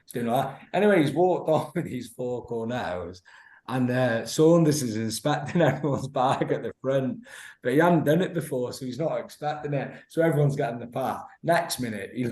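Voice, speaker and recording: A man's voice: mid-range voice, darkish tone. A man in his thirties, a former footballer, telling stories as a podcast guest, laughing often and acting out quotes. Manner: laughing storyteller, many restarts, acts out quotes. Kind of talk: anecdotal podcast chat. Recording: roomy echo.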